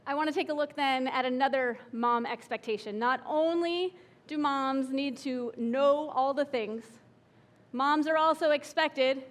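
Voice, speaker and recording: Woman pastor giving a sermon, pretty high voice, chatty, keeps asking the room stuff. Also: measured pace. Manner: conversational, asks the congregation questions.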